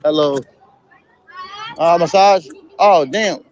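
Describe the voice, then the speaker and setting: Laid-back higher-voiced man vlogging outdoors. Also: slow pace, a crowd in the background, low-quality recording. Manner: laid-back, swears, chats with passers-by. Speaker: travel vlogger. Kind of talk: casual vlog chatter.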